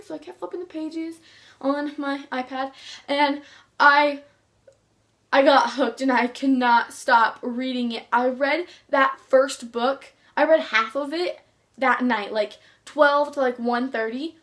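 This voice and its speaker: High-voiced gushing teenage girl. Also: steady tone, measured pace, a bit bright. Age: teens. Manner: gushing, rambling with restarts. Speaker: book vlogger. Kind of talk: casual chat to camera.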